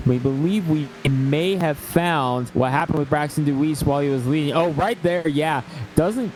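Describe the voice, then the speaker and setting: A man's voice: a little high, normal speed, darkish tone, soft background music, low-quality recording. A man giving color commentary on a sim race over an online call, chatty and asking his partner questions. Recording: online call with faint noise.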